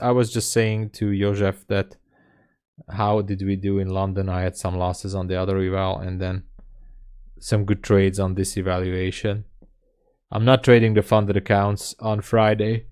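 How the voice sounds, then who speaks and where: A man hosting a live day trading stream, talking casually and reading chat messages aloud as he thinks out loud. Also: lowish voice, smooth. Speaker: day trading livestream host.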